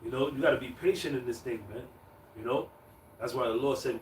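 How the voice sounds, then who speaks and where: A man's voice: mid-range voice, fairly quick, a little hiss or hum. A man reading scripture aloud and talking it over loosely, full of fillers. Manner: loose, filler-heavy, reads verses aloud. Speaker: scripture reader. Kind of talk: casual street preaching. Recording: echoey, distant mic, faint ambience.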